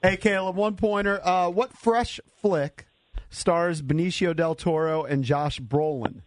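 A man co-hosting a sports radio show who asks quiz questions and drops wry asides. His voice sits high, and the sound is dry and close. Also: measured pace, no room sound. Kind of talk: casual sports radio banter.

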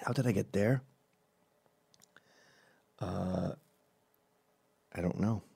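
A man from Scotland, middle-aged, with a lowish voice, telling a crude and rambling comic story. The delivery is jokey and loose, full of asides, recorded at home at night. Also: very slow, creaky, noisy background.

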